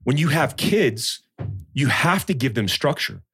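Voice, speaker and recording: Animated storytelling man, dry sound. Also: medium pitch, measured pace, slightly rough, no room sound. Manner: storytelling, animated, acts out quotes. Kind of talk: casual chat.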